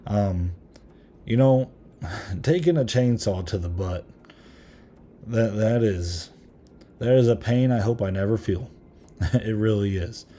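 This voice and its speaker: A man with a lowish, mellow voice talks through a movie review in an easygoing podcast chat. He rambles, leans on plenty of "um"s and "you know"s, and chuckles now and then as he goes. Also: takes it slowly, pauses often, slight background noise. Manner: rambling, many filler ums. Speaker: podcast host.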